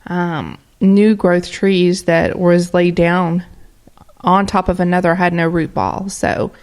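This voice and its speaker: A woman's voice: fairly low pitch, little pitch movement, slow pace, a little mellow. A woman co-hosting a paranormal radio show who tells a story in a chatty, rambling way with many fillers. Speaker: co-host. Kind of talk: casual podcast chat.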